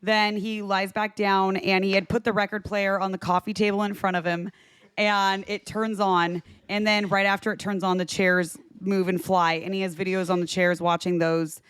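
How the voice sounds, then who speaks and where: A young adult woman, a podcast co-host, giggling and animated as she retells scenes during a casual watch-party chat. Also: medium pitch, normal speed, clear, resonant tone, dry recording.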